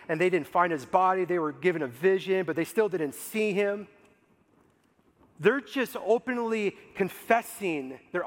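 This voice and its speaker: High-voiced male preacher in a reverberant hall. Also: fairly bright tone. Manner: conversational preaching, rhetorical questions, acts out voices. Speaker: pastor. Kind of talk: sermon. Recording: long reverb of a large hall.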